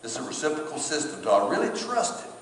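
A man's voice: on the high side, wildly swooping pitch, fast, a bit bright, a little hiss or hum. A male pastor, preaching a sermon in a conversational storytelling way with emphatic repetition. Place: church sanctuary. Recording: echoey church hall, distant mic.

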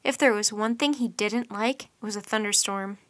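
A woman reading a children's bedtime storybook aloud in a lively, expressive way. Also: mid-range voice, moderate pace, no room sound.

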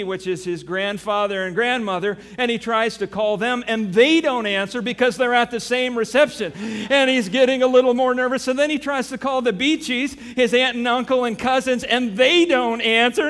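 A man preaching a sermon as pastor. He tells a story with animation and then turns quiet and earnest. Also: very high-pitched, fairly even intonation, moderate pace, hardly any pauses. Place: church sanctuary. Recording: long reverb of a church hall.

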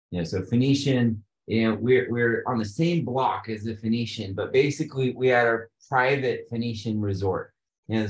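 A man's voice: on the low side, reverberant, poor audio. A man being interviewed about an event he organized, talking in an earnest, enthusiastic, motivational way. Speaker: interview guest, retreat organizer. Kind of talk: casual interview.

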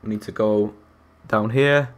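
A young man commentating his Minecraft survival game, chatty and excitable, talking to the animals and to his viewers. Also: on the low side, unhurried. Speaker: gaming YouTuber. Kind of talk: Minecraft let's-play commentary.

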